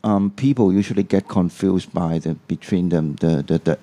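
Low mellow-voiced man asking questions. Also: moderate pace. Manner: hesitant, many fillers and restarts, asks questions. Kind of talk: casual pronunciation lesson.

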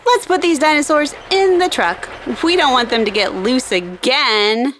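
High bright-voiced woman host for kids. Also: unhurried, a little hiss or hum. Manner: gentle, animated, sing-song for children. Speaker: children's show host. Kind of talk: slow kid-directed narration.

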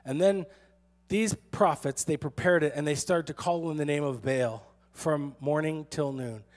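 High-voiced man preaching playfully. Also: moderate pace. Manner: sarcastic, playful storytelling with acted quotes. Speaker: pastor. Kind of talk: sermon.

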